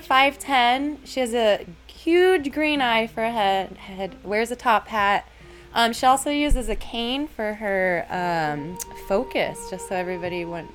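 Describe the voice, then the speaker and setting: Giggly self-deprecating woman player. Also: medium pitch.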